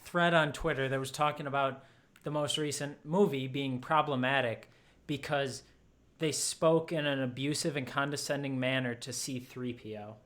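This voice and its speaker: A man co-hosting a casual podcast, chatting in an animated and easygoing way. His voice sits at an ordinary middle pitch. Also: moderate pace. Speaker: podcast co-host.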